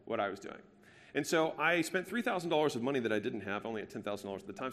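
A man's voice: medium pitch, a bit bright. Brash man presenting in an echoing hall. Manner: brash, casual, profane and joking. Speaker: business speaker. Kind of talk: live business presentation. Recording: long hall reverb.

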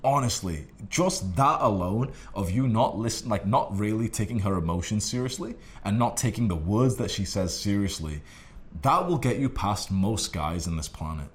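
A young man giving blunt, crude and condescending dating advice, swearing constantly. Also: on the low side. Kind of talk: profane advice monologue.

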